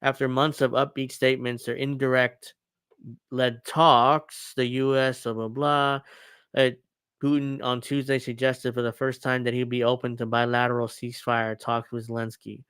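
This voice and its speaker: A man's voice: mid-range voice, little pitch movement, moderate pace, a bit bright, smooth, dry recording. A man hosting a casual political commentary show, reading news articles aloud and riffing on them sarcastically. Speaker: podcast host.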